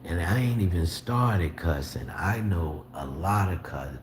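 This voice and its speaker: A man with a very low voice talks slowly and casually to his livestream viewers, answering their comments and bristling when he pushes back. His voice rings in an echoey room, with steady background noise underneath. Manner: slow, drawling, gets indignant replying to comments. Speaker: livestream host.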